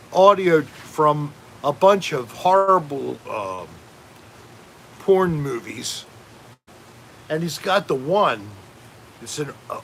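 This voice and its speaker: A man's voice: on the high side, creaky, a bit bright, slight background noise. A man hosting a casual home livestream, rambling and joking while reading out chat names. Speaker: livestream host.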